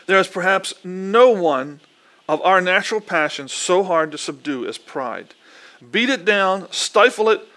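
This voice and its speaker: A man preaching a sermon, reading scripture aloud, leading a prayer and telling the story in earnest, animated quoted dialogue. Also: a little high.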